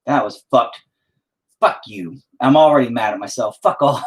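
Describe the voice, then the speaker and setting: A painting vlogger talks to himself as he works, his medium-pitched voice at normal speed with a breathy edge. He thinks aloud casually, rambling, cursing, frustrated, and poking fun at himself.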